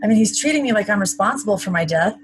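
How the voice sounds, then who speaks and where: A woman tells a personal story to an interviewer in a chatty, matter-of-fact manner, dropping in wry asides. Her pitch sits in a middle range for a woman, and a faint hiss runs beneath her voice. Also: animated, rapid-fire, poor audio. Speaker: interview guest. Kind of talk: recounting a personal story in conversation.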